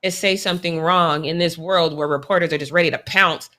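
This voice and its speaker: Bright-voiced woman sports co-host. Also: fairly low pitch, fairly even intonation, a little fast. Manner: opinionated, emphatic. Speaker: podcast co-host. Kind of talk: casual sports chat.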